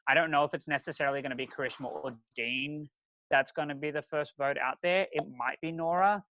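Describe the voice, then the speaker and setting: A man's voice: fairly high pitch, steady tone, fairly quick. A man co-hosting a podcast, chatting casually with lots of ums and restarts. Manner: chatty, many ums and restarts, warmly encouraging. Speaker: podcast co-host. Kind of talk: casual chat recapping a reality show. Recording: dry, slightly muffled sound.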